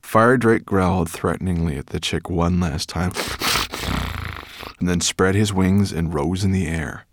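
A man's voice: low-pitched, a little slow. A man narrating a children's adventure audiobook in a dramatic storytelling manner. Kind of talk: scripted narration.

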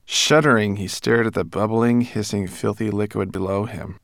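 Gravelly, expressive audiobook narrator. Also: male voice, on the low side, normal speed, no echo, studio quality. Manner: expressive reading. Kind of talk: scripted storybook narration.

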